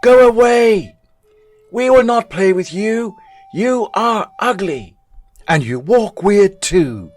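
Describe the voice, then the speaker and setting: A man voicing a group of small, mean ducklings who jeer and yell in a storybook reading. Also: sits high, very animated, slow, slightly rough, faint music behind, voice pushed up, exaggerated voice. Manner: mocking, yelling.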